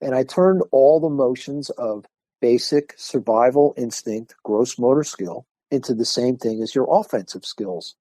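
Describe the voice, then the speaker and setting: An older man speaks as an interview guest, explaining his training ideas in a casual, animated way. His voice is mellow and warm, and he slips into the voices of the people in his stories. The recording is dry and close to the mic. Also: medium pitch, unhurried, dry recording. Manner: animated storyteller, acts out quoted voices. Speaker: martial arts instructor, podcast guest.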